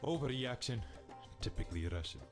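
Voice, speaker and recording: An actor voicing a nervous, fussy game program, polite yet dramatic and quick to panic. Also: male voice, medium pitch, animated, natural voice. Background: game music.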